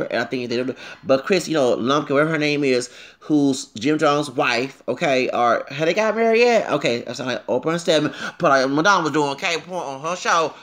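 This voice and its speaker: A man's voice: medium pitch, gravelly. A man delivering a rambling, opinionated rant, often asking "okay?" and "you know what I'm saying?". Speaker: commentator. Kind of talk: casual rant.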